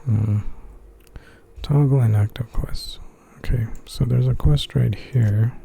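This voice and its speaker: A laid-back man doing casual gameplay commentary and chatting with viewers as he plays. His voice is husky and gravelly with a dark, mellow tone. He speaks at an unhurried, slow pace. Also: medium pitch. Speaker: gamer streaming a playthrough.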